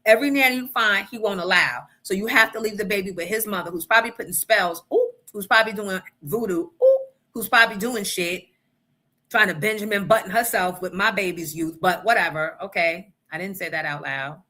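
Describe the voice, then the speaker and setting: A woman's voice: mid-range voice, fairly quick, pushed and bright. A woman radio host telling a personal story in a brash, profane, emphatic way. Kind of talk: storytelling on a morning show.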